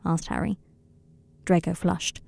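A woman narrating a fan story as an audiobook, in a calm, steady way. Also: on the low side, slow, creaky.

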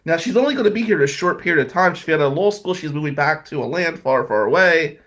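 A man's voice: a little high, animated, quick pace, a bit bright. A man in his forties telling a rambling, profane personal story to his viewers in a casual vlog. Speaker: vlogger.

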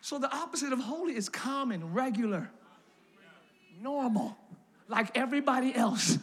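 A male pastor preaching a lively, playful sermon in a large church, often shouting to the congregation. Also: very high voice, normal speed, slightly rough.

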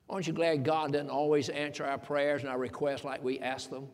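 This preacher's voice is on the high side and a little mellow, with fairly even intonation, a moderate pace, and few pauses. Long hall reverb surrounds his folksy, emphatic sermon as he quotes the King James Bible.

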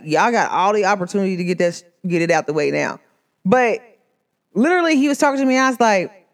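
A young woman chatting casually and animatedly, telling a personal story with slang and acted-out voices. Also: a little high. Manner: animated, expressive, slangy, acts out voices in her stories.

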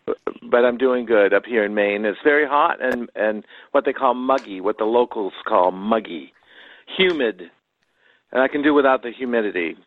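A man's voice: mid-range voice, normal speed. Hesitant man on a tinny line. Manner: rambling, hesitant, joking. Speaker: podcast guest, writer. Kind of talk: casual chat. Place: at home in Maine. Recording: dry tinny phone-like line.

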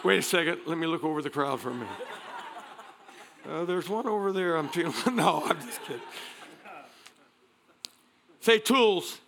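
A man preaching a sermon as pastor, energetic, calling out to the congregation and joking between points. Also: on the high side, moderate pace, gravelly, pauses often, a little hiss or hum. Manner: energetic preaching with crowd call-and-response; joking asides, repeats words.

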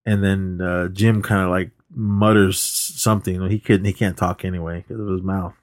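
Low-voiced man, rambling movie recap. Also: level tone, moderate pace, no echo, clean studio sound. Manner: rambling, lots of fillers and restarts. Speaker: podcast co-host. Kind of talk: casual movie recap chat.

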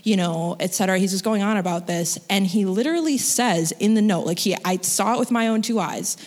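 A woman's voice: medium pitch, fairly quick, a little mellow. A woman telling a personal story in a casual, chatty way, full of "like" and "you know" fillers. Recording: long hall reverb.

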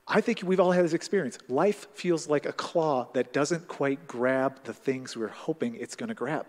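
A man's voice: on the high side, normal speed, few pauses. A male pastor giving a conversational, storytelling sermon to a congregation. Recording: long hall reverb.

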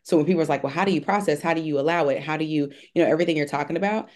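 A woman's voice: sits low, rapid-fire, darkish tone. A woman hosting a podcast, reflective and affirming in casual conversation. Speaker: podcast host.

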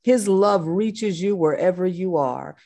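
A woman's voice: lowish voice, lively intonation, measured pace, dark tone. A woman preaching a sermon, impassioned, driving her points home with emphatic repetition.

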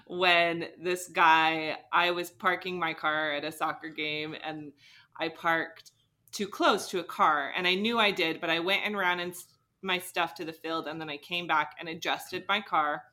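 A young woman co-hosting a podcast, telling a personal story in a lively way and acting out the quotes. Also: lowish voice, measured pace. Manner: animated, acts out quotes. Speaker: podcast co-host, daughter. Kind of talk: casual storytelling.

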